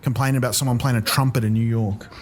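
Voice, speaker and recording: A man's voice: medium pitch, fairly even intonation. A man hosting a comedy podcast, ranting in mock outrage, full of ums and restarts. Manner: rambling, halting, with many ums and restarts; mock-outraged, exaggerating for laughs. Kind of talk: comic rant.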